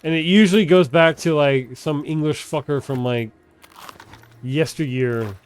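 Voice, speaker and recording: A man's voice: fairly high pitch, a little slow. A man live streaming while gaming, chatting casually in a rambling, profane way and often cutting himself off to restart.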